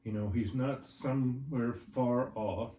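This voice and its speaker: A man's voice: medium pitch, fairly even intonation, takes it slowly, warm tone. An older man, a horse trainer, telling a personal story in an interview in a folksy way, often checking in with his listener. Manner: folksy, checks in with "right?" and "all right?". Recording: roomy, from a distance, faint ambience.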